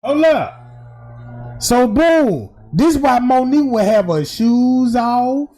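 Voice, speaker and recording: Animated, slangy streamer commentary. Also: medium pitch, slow, faint music behind. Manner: animated, emphatic, slangy and profane. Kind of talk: casual commentary over video footage.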